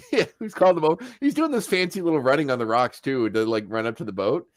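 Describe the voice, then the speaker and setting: A chatty podcast host recaps a cartoon episode in casual conversation, telling it as an animated story, acting out quotes and chuckling along the way. He talks fast with a medium-pitched voice. There's a little hiss or hum in the audio.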